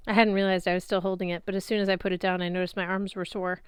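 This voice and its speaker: Smooth-voiced woman reading an audiobook. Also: mid-range voice, little pitch movement, racing, few pauses, dry recording, clean studio sound. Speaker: audiobook narrator. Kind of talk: first-person audiobook narration.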